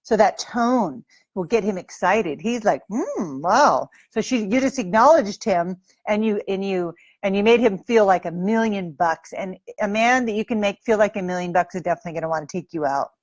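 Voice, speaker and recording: A woman's voice: medium pitch, fairly quick, darkish tone, no room sound. A woman dating coach giving advice straight to camera in a breezy, playful way, acting out sample lines.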